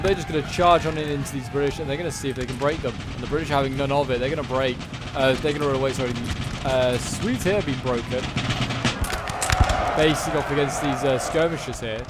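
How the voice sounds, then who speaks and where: A gameplay commentator with a fairly high voice talks a little fast, giving chatty play-by-play of a strategy game battle with wry asides. Heavy background noise runs under the recording.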